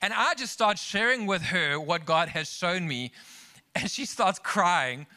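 A man's voice: sits high, lively intonation, measured pace, sharp tone. A man preaching a sermon, emphatic, mixing scripture with personal stories told to the congregation. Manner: emphatic preaching with rising exclamations; storytelling asides to the congregation. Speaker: pastor.

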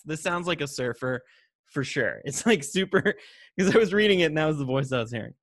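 A man's voice: fairly high pitch, expressive, brisk, a bit bright. A man co-hosting a podcast in casual chat, laughing often and joking about himself. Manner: chatty, laughs often, self-deprecating. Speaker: podcast co-host.

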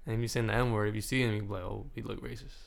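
Gravelly young man telling stories. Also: fairly low pitch, very fast. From United States. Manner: relaxed, storytelling, laughs easily. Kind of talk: casual chat.

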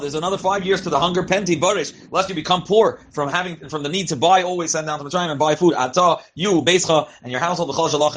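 A man's voice: fairly high pitch, a bit bright. A man teaching a Torah class, reading Hebrew verses and translating them phrase by phrase in loose spoken style. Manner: reads Hebrew phrases then translates, Yiddish-inflected yeshivish terms; loose spoken delivery with fillers and restarts. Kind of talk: verse-by-verse Chumash and Rashi class.

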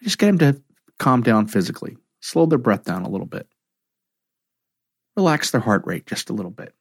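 A man's voice: medium pitch, moderate pace, creaky, husky, no echo, clean studio sound. A middle-aged man, a counselor, talking reflectively about emotional triggers and acting out quoted conversations. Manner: animated storyteller, acts out quoted dialogue.

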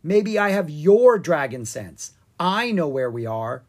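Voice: medium pitch, big pitch swings, slow, darkish tone. A reader voicing a nervous, sarcastic young boy dragon in a children's storybook, speaking in a worried, dry and whiny way. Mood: wary. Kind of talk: storybook character voice.

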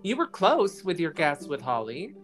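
Low-voiced chatty woman podcast host. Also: sing-song, normal speed, over music. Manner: chatty, with many fillers. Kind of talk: casual chat, retelling a news story.

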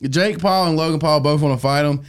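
A man's voice: on the high side, clean tone. A man co-hosting a podcast, chatting loosely with lots of swearing. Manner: loose and fast, swearing, says dude a lot. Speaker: podcast co-host. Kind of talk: casual podcast chat.

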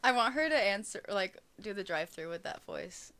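A woman's voice: medium pitch, lively intonation, brisk, sharp tone. A woman in her thirties hosting a podcast. She talks in a chatty, giggly way and leans on "literally" and "like" a lot. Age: 30s. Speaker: podcast host telling a true crime story. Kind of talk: casual chat. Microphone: shared single mic.

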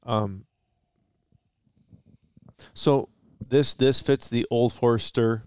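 A man from Michigan co-hosting a casual podcast chat, talking in a measured, deliberate way. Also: mid-range voice, fairly even intonation, darkish tone, smooth, no echo. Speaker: podcast co-host.

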